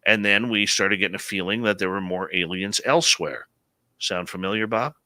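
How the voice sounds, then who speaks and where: Bright, crisp-voiced male radio host. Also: low voice, normal speed, no room sound. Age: late 40s. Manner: animated, conversational storyteller. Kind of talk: live radio storytelling.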